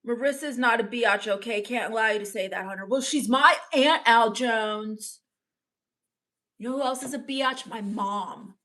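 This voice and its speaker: A woman playing a sullen, bitter teenage goth girl in live-stream character comedy, mopey, deadpan and scornful as she reads the chat. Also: a little high, normal speed. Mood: sulky.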